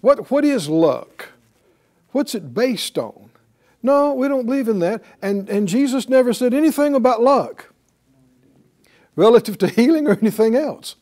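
A man's voice: extremely high pitch, animated, normal speed, a little mellow. A man teaching a Bible class, talking conversationally and putting rhetorical questions to his listeners.

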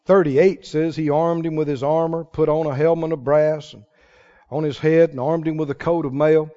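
A man preaching a sermon, telling a Bible story with lively, acted-out dialogue. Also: a little high, moderate pace. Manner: animated storytelling, acting out the people in the tale. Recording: reverberant hall, somewhat dull sound.

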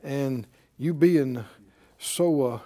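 A middle-aged man preaching a sermon, calling out to his congregation and swinging between loud declarations and quiet asides. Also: mid-range voice, extremely slow. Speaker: pastor.

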